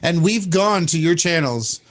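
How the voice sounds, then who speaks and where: Indignant, mocking man, slightly high voice. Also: lively intonation, unhurried. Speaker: host. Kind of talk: casual livestream talk.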